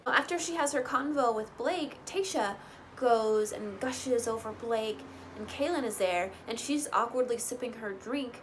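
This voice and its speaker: A woman's voice: on the high side, measured pace, a little hiss or hum, poor audio. A young woman casually recapping a reality show in a chatty, opinionated way, with rambling asides. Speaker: recap vlogger.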